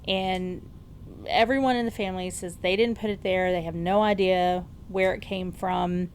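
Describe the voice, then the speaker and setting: A woman's voice: fairly low pitch, steady tone, normal speed, a little hiss or hum. A woman co-hosting a podcast, telling a story in casual chat, amused and often laughing, with lots of fillers. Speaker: podcast co-host.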